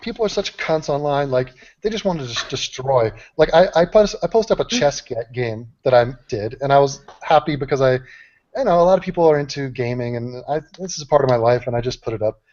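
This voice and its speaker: An American man in a casual group video chat, animated and blunt, often swearing. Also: mid-range voice, fairly quick, highs cut off. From United States. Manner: animated, talks over others, swears casually. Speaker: video call panelist.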